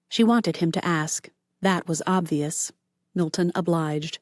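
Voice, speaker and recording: Woman audiobook narrator, lowish voice, measured read, dry close-mic sound. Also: darkish tone, no echo.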